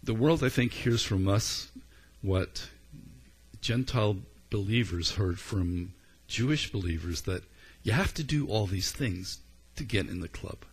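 A man preaching a sermon as a pastor, in an earnest, conversational way with frequent pauses and ums. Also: fairly low pitch, lively intonation, husky.

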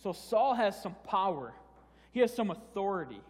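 A man's voice: high voice, big pitch swings, normal speed, a little mellow. A man preaching a sermon in a casual, conversational way, often restarting phrases and repeating words. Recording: long hall reverb.

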